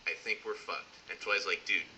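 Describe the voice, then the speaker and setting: A man gives a cartoon plot recap as laid-back, slangy, deadpan comedy, with swearing dropped in casually. His voice sounds strikingly bright and edgy. A light noise floor sits under the recording. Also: medium pitch, fast, poor audio. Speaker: parody recap narrator. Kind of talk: comic cartoon recap narration.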